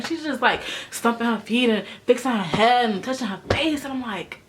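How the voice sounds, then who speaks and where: A woman's voice: on the high side, moderate pace, hardly any pauses, background noise. A young woman giving a chatty, sassy recap of a reality show, full of slang. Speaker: recap vlogger. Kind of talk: casual TV recap.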